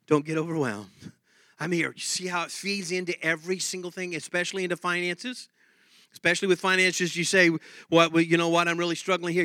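A man's voice: high voice, sharp tone, dry recording. A man pastor giving a sermon in a conversational way, joking, laughing and asking the congregation many questions. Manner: conversational preaching with jokes and laughs.

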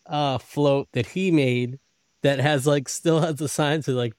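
A man's voice: on the high side, fairly even intonation, a little slow, a little mellow, smooth, no echo, studio quality. A man co-hosting a podcast, chuckling and adding details in loose, run-on sentences while recapping an episode. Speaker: podcast co-host. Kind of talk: casual episode recap chat.

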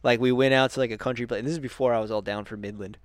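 A man's voice: mid-range voice, fairly even intonation, racing, dry recording. Young man rambling on a podcast. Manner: rambling, swears freely, trails off and restarts stories. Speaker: podcast host. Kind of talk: casual chat. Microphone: podcast mic.

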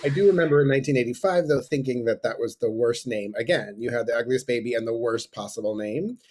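A man in his forties in a casual chat, relaxed and reflective, with some hesitations. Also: mid-range voice, quick pace. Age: 40s.

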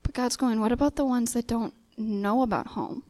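A woman's voice: on the high side, moderate pace, mellow, no room sound. A young adult woman giving a sermon-style talk, telling a personal story and acting out the dialogue in quoted voices. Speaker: speaker sharing a testimony.

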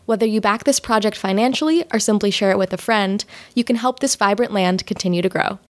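A woman's voice: mid-range voice, fast. Woman reading a friendly podcast outro. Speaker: announcer. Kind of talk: scripted promotional outro.

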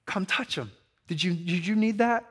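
A gentle teacher speaks quietly and without offense, as a preacher puts him on, in a soft, reassuring tone. His voice sits a little high. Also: a little slow, lightly acted. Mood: tender. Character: gentle, patient male teacher speaking softly.

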